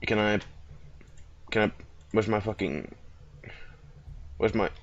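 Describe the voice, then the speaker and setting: A man's voice: lowish voice, takes it slowly, long pauses, muffled recording. A young man giving game commentary, swearing a lot and getting frustrated easily. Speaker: gamer.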